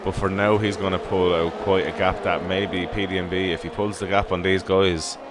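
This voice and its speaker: An Irish man giving live sim racing commentary in steady, informal play-by-play. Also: sits low, normal speed, background noise. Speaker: race commentator. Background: background music.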